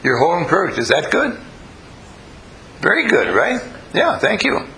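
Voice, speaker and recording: A man's voice: sits high, wildly swooping pitch, moderate pace, sharp tone, slight background noise, rough recording. A man leading a live group, questioning and coaxing the audience and telling stories as he teaches. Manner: storytelling. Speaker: group leader teaching a class. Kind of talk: interactive talk to a live group.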